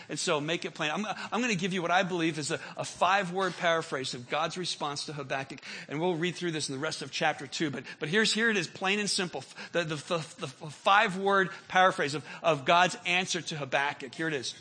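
A man preaching a sermon as pastor, impassioned, often repeating words as he builds, rising to near-shouts when voicing prayers. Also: a little high, brisk, hardly any pauses, husky.

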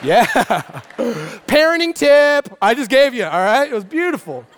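A man from Arizona, a pastor, preaching a sermon through an animated, playful comic story that swings between loud and quiet. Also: very high-pitched, measured pace, a little hiss or hum. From Arizona, USA. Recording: long reverb of a large hall.

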